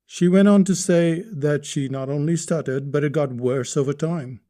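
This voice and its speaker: A man with a slightly high, mellow voice hosts a podcast lesson on writing. He explains each point step by step and keeps putting rhetorical questions to the listener. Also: moderate pace. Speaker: podcast host teaching writing.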